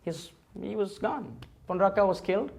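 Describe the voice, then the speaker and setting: A man's voice: high-pitched, expressive, moderate pace, vocal fry, a little mellow. A man giving a temple sermon, telling a sacred story and acting out the dialogue of its figures. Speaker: temple speaker. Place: temple hall.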